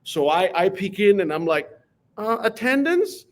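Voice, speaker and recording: A man tells stories from his school days as an interview guest. His voice sits a little high, and he talks in an animated, lively way. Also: normal speed. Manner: animated, lively storyteller who acts out voices. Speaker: guest, math teacher. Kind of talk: anecdotal interview storytelling.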